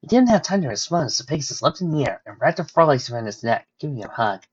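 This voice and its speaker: Husky, lively fan audiobook reader. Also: medium pitch, fast, lo-fi sound.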